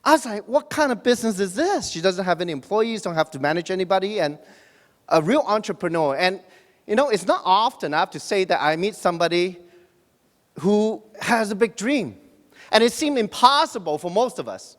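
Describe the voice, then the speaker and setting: A man in his forties, originally from Hong Kong, delivers a motivational business talk on stage. His voice sits high, and he keeps tossing jokes and show-of-hands questions to the crowd. The sound rings with the long reverb of a big hall. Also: lively intonation, fairly quick. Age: 40s. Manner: joking, asks the audience questions, frequent restarts and fillers. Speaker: motivational speaker at a business event. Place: large hall before an audience.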